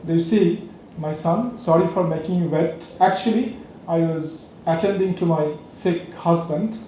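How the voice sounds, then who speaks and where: A calm, dutiful housewife explains herself gently and plainly, as a man voices her in a storytelling lecture. The voice is high and soft in color. Strong echo hangs around it. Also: slight background noise. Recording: very echoey room.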